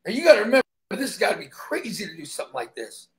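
A man's voice: high voice, wildly swooping pitch, racing, a bit bright. A man who is a stuntman, guesting on an interview and telling emphatic stories in which he acts out the dialogue.

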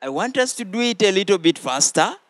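A man hosting a children's church show, teaching slowly and prompting the children to repeat phrases after him. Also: high-pitched, sing-song, fairly bright tone, a little hiss or hum. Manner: slow, deliberate, prompting listeners to repeat phrases. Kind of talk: teaching children with call-and-response.

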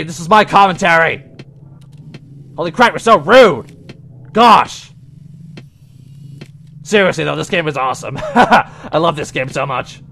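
A young man commenting on a horror game as he plays, excitable and easily startled into yelps. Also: a little high, normal speed, vocal fry, pauses often. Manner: excitable and jumpy, yelps and shouts at scares. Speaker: gaming video host. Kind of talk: let's play commentary.

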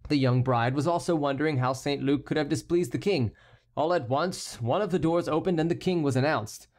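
Steady male audiobook narrator. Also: fairly high pitch, fairly quick. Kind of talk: scripted narration.

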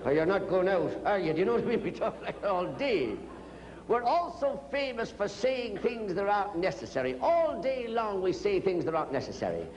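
Lively Irish stand-up comedian in a hall. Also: male voice, high voice, brisk. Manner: lively joke-telling. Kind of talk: stand-up routine.

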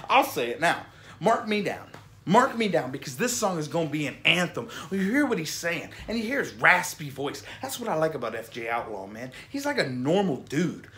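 A man from Florida with a high voice hosts a casual music reaction show. He rambles with eager energy, circling back to the same points. He keeps throwing in "man" and "you know what I'm saying" as he talks. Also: pushed and bright, a little hiss or hum. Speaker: music reaction vlog host. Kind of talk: casual enthusiastic commentary.

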